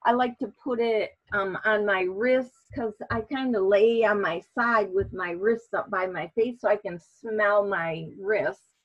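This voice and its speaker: A woman hosting a casual online class, speaking in a relaxed way with many fillers. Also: mid-range voice, a little slow, muffled recording. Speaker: class host.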